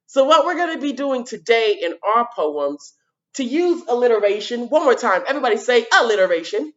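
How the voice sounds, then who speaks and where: A woman teaching a children's video lesson, sounding out letters and repeating words slowly at a whiteboard. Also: a little high, big pitch swings, a bit bright, lo-fi sound.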